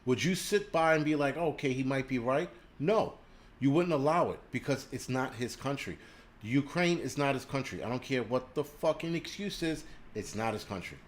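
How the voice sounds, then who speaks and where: An angry man rants on a livestream, swearing constantly and talking straight at his viewers. He breaks off now and then to read out comments and donations. His voice sits at an ordinary mid pitch for a man. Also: lively intonation, moderate pace. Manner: angry, profane, ranting; reads viewer names and donations aloud. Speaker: livestream host. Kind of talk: profane livestream rant.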